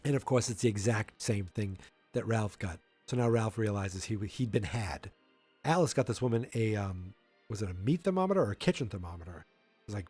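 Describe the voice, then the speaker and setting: A man hosting a podcast, casually recapping an old episode in a rambling, chatty way, full of fillers and quick acted-out quotes. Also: fairly low pitch, animated, darkish tone, breathy edge, no echo, faint music behind. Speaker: podcast host. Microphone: podcast microphone.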